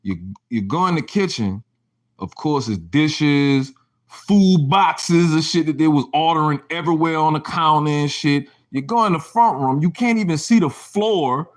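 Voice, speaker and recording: A man's voice: fairly high pitch, animated, a little slow. A man rants to his livestream viewers in a slightly raised voice that swings widely up and down. He tells profane, rambling stories and stumbles into restarts. His tone turns mocking as he gossips and laughs. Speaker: livestream host. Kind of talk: casual livestream rant.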